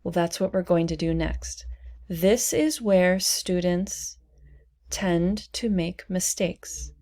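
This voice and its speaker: A woman teaching English pronunciation, saying single words slowly and clearly for learners to repeat. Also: lowish voice, dark tone. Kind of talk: slow, deliberate pronunciation lesson.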